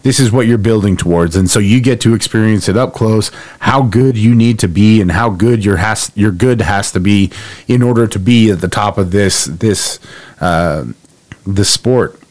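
A man co-hosting a sports podcast who gives measured, analytical takes in a casual tone. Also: on the low side, darkish tone, no room sound. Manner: measured, analytical, some restarts. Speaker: podcast co-host.

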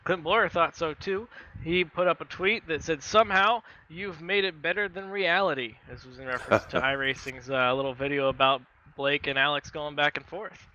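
A man's voice: a little high, normal speed, bright, forceful tone, lo-fi sound. A man co-hosting a podcast who runs through racing news in a casual tone, reading from notes with fillers. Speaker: podcast co-host, news reader.

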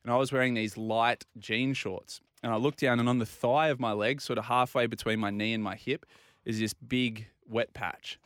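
An Australian man telling a long, animated anecdote on a casual talk show and acting out the other people's lines. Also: mid-range voice, moderate pace, dry recording, clean studio sound. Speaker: regular guest. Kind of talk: casual storytelling.

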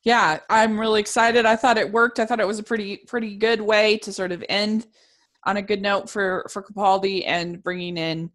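A woman in relaxed casual chat, speaking hesitantly with many pauses. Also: mid-range voice.

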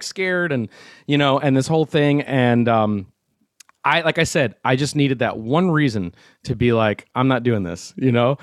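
A man in a casual podcast chat, telling a story with lots of energy and acting out what people said. His voice sits at a middle pitch. It is recorded close and dry. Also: no room sound. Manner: animated storyteller, swears, acts out quotes. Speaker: show host telling a story.

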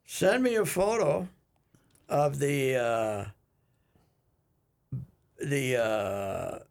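A man's voice: mid-range voice, lively intonation, very slow, vocal fry, a little mellow. A man co-hosting a casual radio talk show, telling rambling stories with many restarts, possibly. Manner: rambling storyteller, frequent "uh" restarts, bursts of laughter. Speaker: radio co-host. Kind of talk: casual chat.

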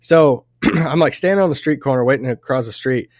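A man's voice: medium pitch, a little fast, darkish tone, no room sound, clean studio sound. Rambling, laughing man telling stories. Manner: rambling storyteller, laughing and restarting often. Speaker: podcast co-host. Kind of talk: casual chat. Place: event venue, recorded live on site.

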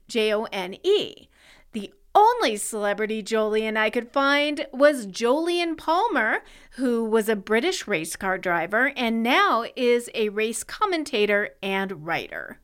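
Lively, unhurried woman podcast co-host. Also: a little high. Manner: chatty, laughs while explaining. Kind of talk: casual podcast chat.

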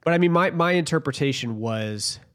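A man's voice: on the high side, lively intonation, moderate pace, a bit bright, clean tone. A man co-hosting a casual chat podcast, explaining his ideas thoughtfully and joking along. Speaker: podcast co-host.

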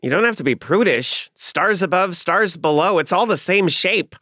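Man, player, teasing, bright, animated pitch. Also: moderate pace, dry recording, studio quality. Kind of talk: in-character tabletop play.

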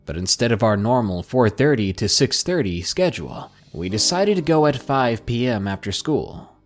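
A man narrating scary first-person stories in a dramatic, expressive podcast style. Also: mid-range voice, normal speed, soft background music. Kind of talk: scripted horror story narration.

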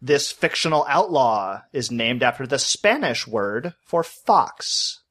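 A man's voice: medium pitch, very animated, slow pace, a bit bright. A man running a trivia quiz on a podcast, reading clues in an upbeat way. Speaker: quizmaster.

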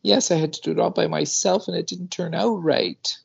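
Guy doing a high whiny baby genius, teary and stammery, lo-fi. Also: brisk, gravelly, husky, full character voice. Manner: tearful, stammering, whining.

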